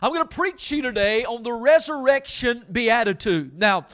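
A man preaching a sermon as pastor at a church service, fervent and emphatic, slowing down to read scripture with deliberate weight and asking the congregation for amens. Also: extremely high pitch, expressive, a bit bright. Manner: reads scripture slowly and deliberately.

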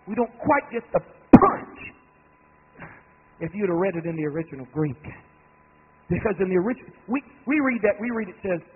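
A man preaching a sermon, building to shouted climaxes and then dropping low and soft. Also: breathy edge. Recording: tinny phone-like radio broadcast with faint noise.

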